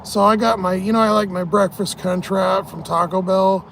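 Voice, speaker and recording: A man's voice: high-pitched, steady tone, normal speed, creaky, fairly bright tone, slight background noise. A tired man vlogging in a casual, rambling way, swearing often and laughing at his own stories. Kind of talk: casual rambling vlog talk.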